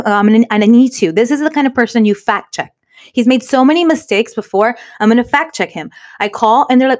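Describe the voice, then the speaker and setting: Animated woman telling a story. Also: a little high, quick pace. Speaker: podcast co-host. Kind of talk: casual storytelling chat.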